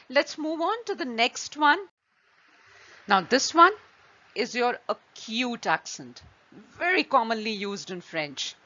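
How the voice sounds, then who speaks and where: Slow, lively woman teaching French. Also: on the high side. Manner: patient, explains step by step with examples. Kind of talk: slow online language lesson. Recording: slightly dull lo-fi recording.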